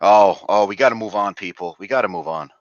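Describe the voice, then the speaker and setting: A man's voice: on the low side, brisk, no echo. A man doing a reaction commentary vlog, ranting crudely and rambling with fillers and restarts. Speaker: video commentator. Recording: dull lo-fi dry recording.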